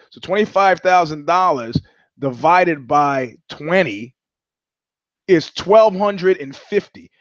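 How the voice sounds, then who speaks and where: A man's voice: a little high, dry recording, highs cut off. A man hosting a podcast, ranting about fights in a profane, rambling way and acting out quoted conversations. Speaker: podcast host. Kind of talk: casual rant.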